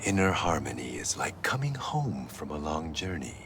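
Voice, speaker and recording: A serene, cryptic meditation guide from a video game, speaking in a very low, hushed voice that drifts up and down. He talks slowly and gives calm advice in riddles. Faint background hum sits under his voice. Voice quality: very deep, soft and breathy.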